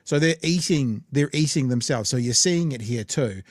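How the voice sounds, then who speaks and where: A man's voice: medium pitch, animated, moderate pace, no echo, studio quality. A man hosting a casual political podcast, blunt and rambling with lots of fillers. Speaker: podcast host.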